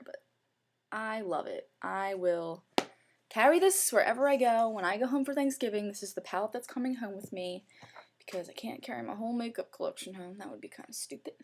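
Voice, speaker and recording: A young woman, chatting at a middle pitch. She gushes about her makeup in a casual review and scatters "like" through her talk. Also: noisy background. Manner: gushing, chatty, heavy use of "like". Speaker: beauty vlogger.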